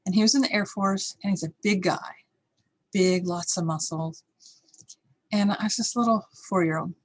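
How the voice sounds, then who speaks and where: A woman's voice: medium pitch, fairly even intonation, moderate pace. A middle-aged woman teaching a course, telling a candid, reflective personal story and acting out the voices in it. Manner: candid, reflective, acts out yelled lines.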